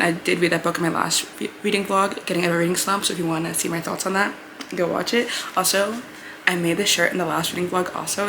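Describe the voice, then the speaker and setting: Young female book vlogger, low gravelly voice, excitable and chatty, noisy home recording. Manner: bubbly, gushing, filler-heavy with frequent "like". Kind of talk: casual reading vlog chat.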